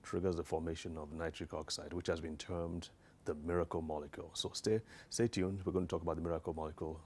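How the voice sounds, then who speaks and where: A man's voice: low voice, fairly even intonation, quick pace, darkish tone, husky. A man giving an informal educational health talk, earnest and hesitant with frequent restarts and fillers.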